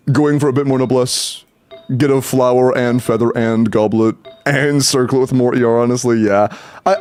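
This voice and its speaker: A man's voice: mid-range voice, darkish tone. A man streaming live, casually talking through game account advice and answering chat, loose and rambling with some swearing.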